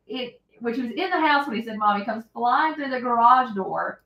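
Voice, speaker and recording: A middle-aged woman, hosting a casual livestream and retelling a story in an animated, dramatic way. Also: fairly high pitch, normal speed. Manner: animated, dramatic retelling with loud acted shouts. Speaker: livestream host. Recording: echoey room.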